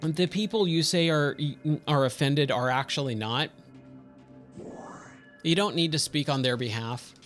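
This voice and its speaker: A man's voice: a little high, measured pace, long pauses, fairly bright tone, faint music behind. A man giving casual, rambling commentary as he streams a game, thinking aloud and wandering off into tangents. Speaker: gaming streamer.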